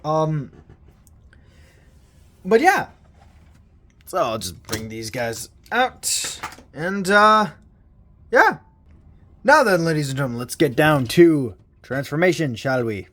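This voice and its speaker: A man's voice: fairly high pitch, big pitch swings, slow, long pauses, fairly bright tone. A man giving a casual toy review, rambling and self-deprecating, with casual swearing.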